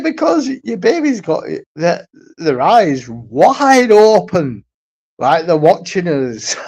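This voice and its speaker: A man's voice: high-pitched, a little mellow. A man in a casual rambling monologue as a streamer. He swears a lot, laughs between lines and repeats himself.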